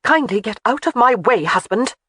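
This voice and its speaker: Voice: medium pitch, sing-song, fairly bright tone, no room sound, clean studio sound, voice pushed up. A narrator doing a spirited, defiant young bride. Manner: quick to snap back, argumentative.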